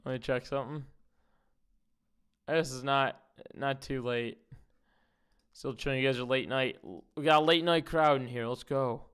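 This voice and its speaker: A man's voice: medium pitch, fairly even intonation, normal speed, pauses often, fairly bright tone, clear, resonant tone. A young man streaming live, reacting to videos with profane, disgusted outbursts and casual chatter.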